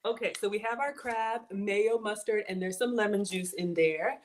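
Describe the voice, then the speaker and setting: A woman's voice: medium pitch, moderate pace. A woman from Georgia hosting a live cooking stream, cheerful and explaining each step as she goes. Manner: upbeat, laughs often, explains as she cooks. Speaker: cooking show host. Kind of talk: live cooking show chat.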